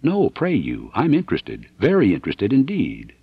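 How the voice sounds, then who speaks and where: A man voicing an excitable, blunt male surveyor, loud and exclamatory, in an audiobook. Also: on the low side, moderate pace, gravelly, husky, no room sound, phone-quality sound, pitched above the performer's own voice, exaggerated voice. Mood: agitated.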